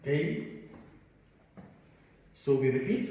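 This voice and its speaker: A man teaching grammar in a slow, measured drill, repeating each word for the class. His voice sits a little high yet sounds dark and mellow. He is recorded from a distance in a very echoey room with a long reverb. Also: expressive. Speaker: English teacher. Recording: echoey room, mic far off.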